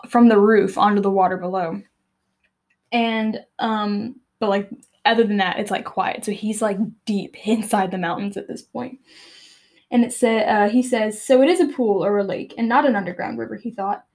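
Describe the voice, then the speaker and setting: A woman hosts a book podcast, chatting loosely through the story with lots of fillers and little laughs. She slips into reading passages aloud in a plain, mid-pitched voice. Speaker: podcast host. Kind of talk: casual retelling and reading aloud of a novel.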